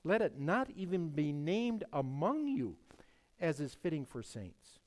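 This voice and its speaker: A male pastor delivers a sermon in a lively, emphatic preaching voice. His pitch sits a little high and moves a lot, and he drops to hushed tones before rising to loud stresses. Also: a little slow.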